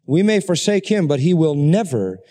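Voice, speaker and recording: A man's voice: sing-song, moderate pace, warm tone. Man preaching a sermon in a reverberant hall. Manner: emphatic preaching, rising to high intense peaks. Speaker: pastor.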